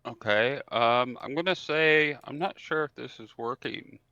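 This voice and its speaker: Bright-voiced male player, dry dull mic. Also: medium pitch, unhurried, no room sound. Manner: eager, thinking aloud. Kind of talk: casual tabletop play.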